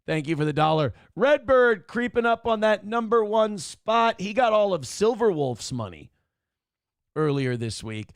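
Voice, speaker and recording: A middle-aged man hosts a casual livestream talk show, reading donations aloud with loud, crude jokes and a rough voice that cannot reach high notes. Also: big pitch swings, unhurried, no echo, studio quality. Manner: loud, crude, joking, reads chat messages aloud.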